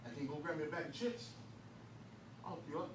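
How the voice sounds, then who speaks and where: A man voicing a smooth-talking adult male gang recruiter who speaks in low, hushed street talk, friendly and coaxing but casually stern. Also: big pitch swings, moderate pace. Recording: distant echoey room with faint noise.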